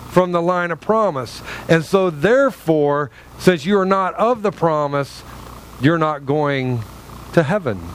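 A male preacher with a fairly high voice, delivering a sermon in a fervent, conversational manner. He talks straight to his listeners and calls them guys. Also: a little hiss or hum, rough recording.

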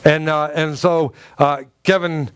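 A man's voice: on the high side, slow pace, clean tone, no room sound. A man preaching to a congregation, telling a funny personal story with lots of restarts and acted-out groans. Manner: animated storyteller, acts out groans and quotes, many restarts. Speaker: pastor. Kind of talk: sermon with humorous personal story. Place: church sanctuary before a live congregation.

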